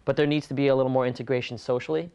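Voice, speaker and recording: A man from California speaks as an interview guest in a smooth, resonant voice of middle pitch. He talks earnestly and with animation, and he laughs easily between his points. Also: steady tone, very fast, warm tone, muffled recording. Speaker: interview guest, stage performer. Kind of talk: conversational interview.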